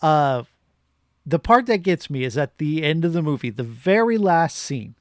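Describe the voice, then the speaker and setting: A man's voice: a little high, moderate pace, dry recording, studio quality. Opinionated man ranting about a film. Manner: rambling, opinionated, animated rants. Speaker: podcast co-host. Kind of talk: casual movie review chat.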